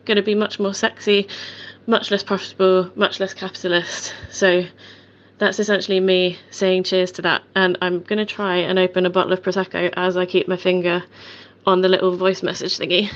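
A woman leaving a recorded voicemail for a show, talking in a frank, sweary and defiant way. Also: medium pitch. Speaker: caller. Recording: dull lo-fi voice message.

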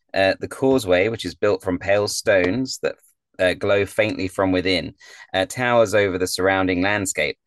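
A man's voice: low voice, a bit bright, no room sound. A man narrating as game master, describing scenes with many ums and uhs. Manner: descriptive with frequent fillers.

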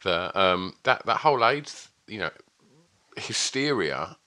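A man co-hosting a casual podcast chat, speaking haltingly with many restarts and some swearing. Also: low-pitched, big pitch swings, pushed and bright.

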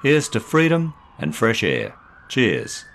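A man voicing a smooth, recently divorced lawyer with an eager, charming manner. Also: medium pitch, huge pitch swings, slow, a bit bright, a little hiss or hum, voice pushed up, full character voice.

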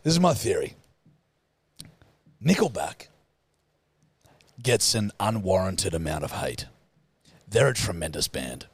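Young Australian male co-host, gravelly, dry close mic, cheeky storyteller. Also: sits low, big pitch swings, measured pace, pauses often, no echo. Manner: laughing storyteller, swears freely. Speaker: podcast co-host. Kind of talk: casual chat.

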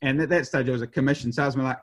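A race skipper in his fifties, a professional sailor, tells stories conversationally in a rambling way, full of fillers and restarts. His medium-pitched voice keeps a steady tone while he races along.

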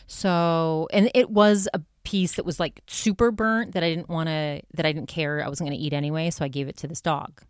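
A woman hosts her own solo podcast, talking casually and candidly about her week and saying "like" and "you know" a lot. Her low-pitched voice moves briskly, with clean studio sound and no room sound.

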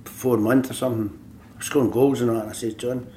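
A man's voice: mid-range voice, steady tone, quick pace, warm tone, roomy sound, slight background noise. An older man from Scotland with a Glaswegian accent, telling stories as an interview guest, often laughing and acting out other people's voices. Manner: laughing storyteller, acts out voices in quotes. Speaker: guest, former footballer. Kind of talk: anecdotal interview.

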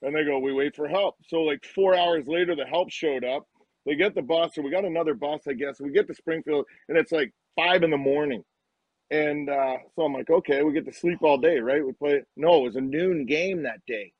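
A man in his fifties, a retired hockey player, telling lively anecdotes as a guest and acting out the lines people said. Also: fairly high pitch, a little fast, no room sound, highs cut off. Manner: animated anecdotes, acts out quoted lines. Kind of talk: casual storytelling on a live show.

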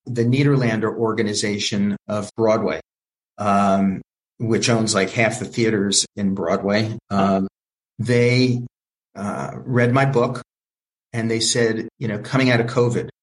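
A man's voice: fairly low pitch, takes it slowly, poor audio. An older man, a film producer, telling his story in an interview and acting out the people in it. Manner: animated storyteller who acts out quoted voices.

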